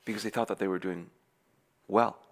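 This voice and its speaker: Low-voiced preacher telling a story. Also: male voice, brisk. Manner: animated storyteller acting out quoted dialogue, many restarts. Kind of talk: sermon illustration storytelling.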